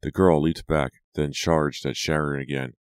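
Deep-voiced male narrator for a teen horror audiobook; dramatic, measured, dry close sound. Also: fairly even intonation, smooth, no room sound.

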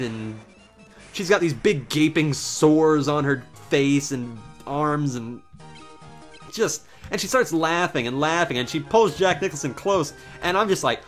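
A man's voice: a little high, expressive, normal speed, fairly bright tone, soft background music. A young man casually commentating a game while telling a long rambling story, swearing freely and reacting with sudden exclamations. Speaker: let's play commentator.

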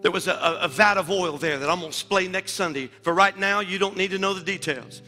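A male pastor preaching a sermon in a church, dropping to hushed asides and rising to loud declarations. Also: high voice, fast talker, long reverb tail, soft background music. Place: church sanctuary.

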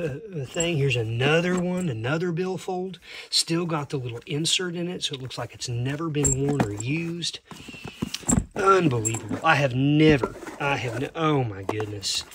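Reseller vlogger, male, slow excited unboxing talk, faint noise behind. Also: medium pitch. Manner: excited, halting, drops to a whisper at times. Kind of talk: casual unboxing commentary.

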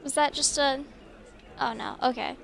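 A young woman talking casually to herself while playing a video game, chatty and quick to apologize and laugh. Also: high voice, wildly swooping pitch, creaky, some chatter behind. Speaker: gameplay streamer.

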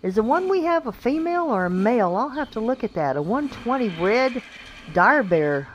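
Chatty excitable woman playing a game. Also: fairly high pitch, normal speed, a little hiss or hum. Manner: chatty and excitable, talks to the game creatures, laughs often. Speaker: gaming channel host. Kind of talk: casual gameplay commentary.

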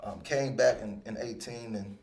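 A man in his thirties, a retired football player, telling stories from his career in a casual, rambling interview, sometimes jumping into animated bursts. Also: lowish voice, moderate pace. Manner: relaxed, rambling, with animated bursts when quoting himself. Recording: roomy echo.

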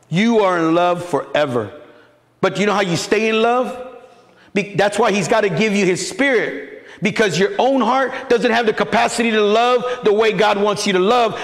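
Man, pastor, lively sermon, high voice, echoing hall. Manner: animated, conversational preaching. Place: church sanctuary. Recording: echoey hall with long reverb.

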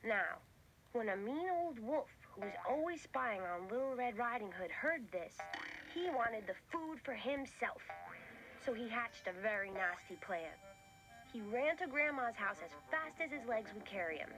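Lively high-voiced woman narrating a storybook. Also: measured pace, rough recording. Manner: expressive, lively. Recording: narration over music.

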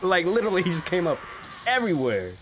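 A young man giving casual, excitable commentary on a mobile game, swearing freely and laughing often. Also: high voice, fast, background noise. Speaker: gaming YouTuber.

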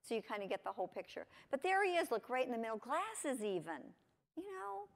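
A woman giving a lively conference talk to teachers, asking her audience lots of questions. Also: high voice, brisk. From United States. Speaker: conference presenter. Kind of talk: lecture to teachers. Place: conference hall.

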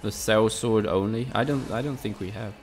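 A man's voice: on the low side, normal speed, a little mellow, slight background noise. A man casually commentating a live game stream, chatting with viewers, swearing often and joking sarcastically. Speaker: gaming streamer.

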